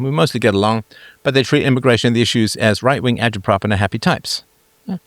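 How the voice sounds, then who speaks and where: A man's voice: fairly low pitch, moderate pace, long pauses, no echo. A middle-aged man hosting a live talk show, musing aloud in a jokey way, full of fillers and restarts. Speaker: host.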